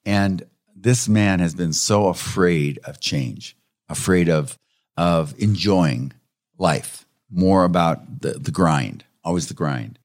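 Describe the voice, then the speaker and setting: A man, a counselor, telling anecdotes about his clients in a lively conversational way, often chuckling. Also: sits low, takes it slowly, dry recording, clean studio sound. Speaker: counselor who works with clients. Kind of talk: conversational interview storytelling.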